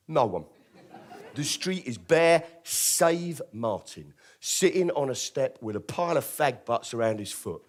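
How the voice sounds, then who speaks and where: A man's voice: medium pitch, animated, normal speed. A male comedian from Britain telling a true story on stage in a wry, theatrical way, acting out the other people's lines. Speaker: stand-up comedian. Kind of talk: live storytelling comedy show.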